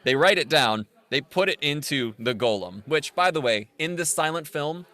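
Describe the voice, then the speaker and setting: A man tells a story on a podcast, his voice rising and falling with lively swings. He sits a little high in pitch and recaps the film casually, jumping into little acted-out quotes. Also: normal speed. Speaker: podcast co-host.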